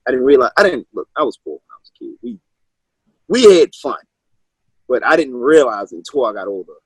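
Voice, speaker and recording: A man's voice: medium pitch, very animated, fairly quick, slightly rough, dry recording, poor audio. A man in his thirties, a wrestling coach from Maryland, talking loosely with restarts in a casual interview. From Maryland, USA. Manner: loose, rambling storytelling with many restarts. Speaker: high school wrestling coach, guest.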